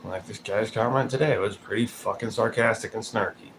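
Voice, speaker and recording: A man's voice: fairly low pitch, fairly quick. A man giving blunt, profane commentary in a casual vlog, calling people out directly. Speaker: vlogger. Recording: noticeable background noise.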